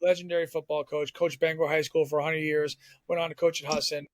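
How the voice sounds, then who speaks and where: A man from Southern Maine, a former TV sports reporter, telling stories as a podcast guest in an animated, chatty way. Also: a little high, no echo. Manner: animated storyteller, quick and chatty. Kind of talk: casual podcast storytelling.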